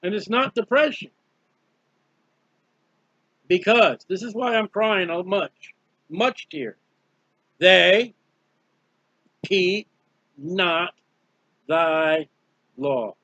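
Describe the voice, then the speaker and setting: A man's voice: sits high, a bit bright, dry recording. A man preaching a fervent, emphatic Bible study sermon, repeating key phrases. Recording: dull lo-fi dry recording.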